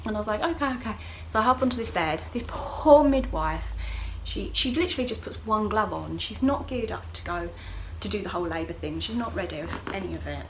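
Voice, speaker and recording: A woman's voice: brisk, hardly any pauses, noisy background. A young woman vlogging, telling a personal story in a casual, chatty way and acting out what people said with big jumps in voice. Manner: animated, acts out voices of others with sharp jumps in pitch and loudness.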